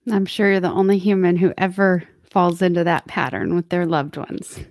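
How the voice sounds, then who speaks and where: A woman's voice: lowish voice, steady tone, normal speed, darkish tone, no echo, clean studio sound. A woman co-hosting a talk show, speaking casually and summing up and affirming her co-host's points. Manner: reflective, sums up and affirms what the other speaker said. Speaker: co-host.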